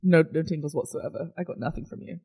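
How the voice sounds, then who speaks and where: A woman co-hosting a podcast in casual chat, telling stories in a giggly, animated way. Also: low voice, quick pace, gravelly, husky. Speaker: podcast co-host.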